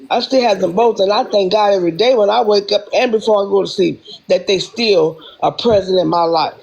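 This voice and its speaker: Woman livestream host, gravelly, heated and repetitive rant, mid pitch. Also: brisk, darkish tone, dull audio.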